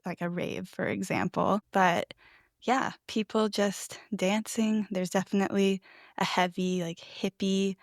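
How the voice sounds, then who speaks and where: A young woman with a light Pacific Northwest accent co-hosts a chatty podcast, laughing often between thoughts. She talks at an unhurried, drawn-out pace. The recording is dry and close, with no room sound. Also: mid-range voice, fairly even intonation, no echo. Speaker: podcast co-host. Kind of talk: casual chat.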